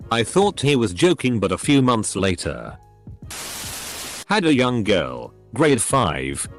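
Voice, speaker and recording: A man narrating online posts in a steady read-aloud style, as the regular narrator of the channel. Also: on the low side. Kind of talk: scripted narration.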